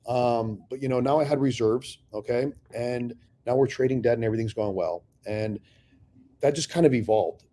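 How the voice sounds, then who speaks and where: A man's voice: medium pitch, normal speed, dark tone. A man candidly telling stories from his real estate investing career in an interview, blunt and often profane, acting out past conversations.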